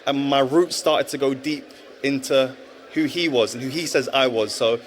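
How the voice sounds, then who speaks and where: This former footballer, now in his thirties, tells his story on stage at a live event, sounding sincere and thoughtful while frequently starting over. His mid-range voice moves at a normal speed over a faint hiss or hum.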